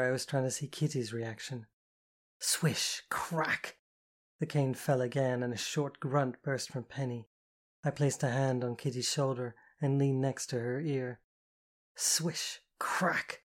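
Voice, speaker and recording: An audiobook narrator tells a story in the first person at a moderate pace. The voice is steady and mid-pitched, and the delivery stays even and intimate.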